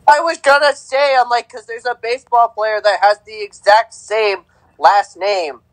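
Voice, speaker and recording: A man's voice: high-pitched, steady tone, moderate pace, a bit bright, no room sound, poor audio. A young man co-hosting a casual podcast, playfully teasing the others. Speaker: co-host. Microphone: remote call mic.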